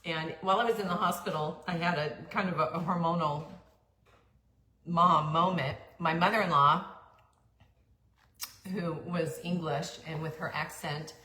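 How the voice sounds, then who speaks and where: A middle-aged woman telling her life story in a chatty monologue, with fillers, throat-clearing and quick asides. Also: lowish voice, steady tone, sharp tone. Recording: echoey room, faint background hum.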